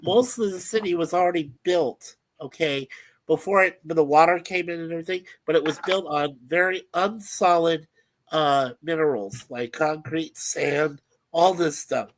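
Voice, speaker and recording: A chatty speaker joins a casual livestream conversation, teasing the others. The voice sits at a middle pitch. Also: normal speed. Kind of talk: casual chat.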